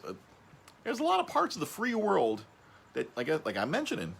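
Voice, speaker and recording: A man hosting a casual podcast, rambling, stumbling over and repeating his words, his voice jumping up when he gets excited. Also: a little high, a little fast, gravelly, long pauses, slight background noise. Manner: excitable, voice jumps up on emphasis. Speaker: podcast host.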